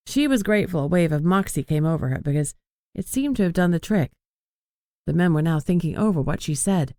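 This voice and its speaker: A man reading an audiobook in an even, measured narration. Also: on the high side, no echo, clean studio sound. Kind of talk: scripted narration.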